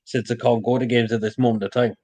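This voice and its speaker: A man chats on a live stream in an easygoing way. His voice sits at a middling pitch. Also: level tone, fast talker, dark tone. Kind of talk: casual live stream chat.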